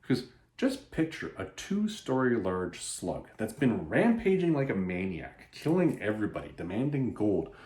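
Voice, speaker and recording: A man casually recapping a comic book, animated and rambling, often restarting his sentences. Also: on the low side, moderate pace. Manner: animated, rambling, self-interrupting. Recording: roomy echo.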